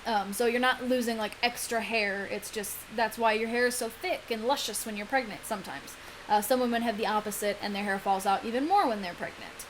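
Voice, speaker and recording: A woman's voice: on the high side, fairly quick, slight background noise, poor audio. A young woman chatting casually in a vlog, full of ums and likes. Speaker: vlogger. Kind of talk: casual pregnancy vlog chat.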